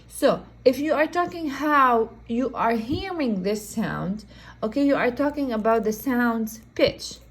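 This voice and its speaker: A woman teaching a recorded science lesson, explaining slowly in non-native English phrasing and often checking in with "okay?". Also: on the high side, low-quality recording. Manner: slow, explanatory, repeats "okay?" to check understanding.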